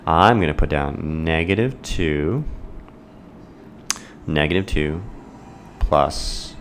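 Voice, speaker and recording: A man's voice: very deep voice, slow, slight background noise. A man teaching a math lesson in a playful, theatrical way. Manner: playful, theatrical, acts out students' voices.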